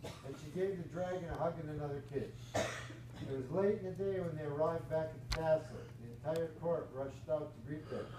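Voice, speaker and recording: A male professor reading a storybook aloud to a class with animated, playful asides. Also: on the high side, fairly quick. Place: lecture hall. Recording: echoey lecture hall from far off, noisy.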